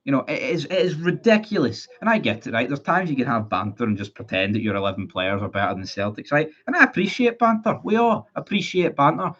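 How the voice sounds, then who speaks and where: Scottish male fan streamer, mid-pitched, heated sweary rant, dull lo-fi audio. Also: expressive, fast talker, few pauses, fairly bright tone. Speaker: football fan livestreamer. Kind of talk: ranting live stream chat.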